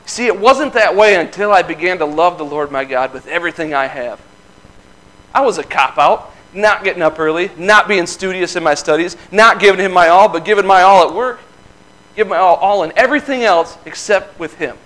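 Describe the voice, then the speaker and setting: A man in his thirties from the Midwest giving an informal testimony at a church, telling a story in an earnest, folksy way with quick laughs. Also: high voice, a bit bright, poor audio. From Michigan. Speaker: lay speaker giving testimony.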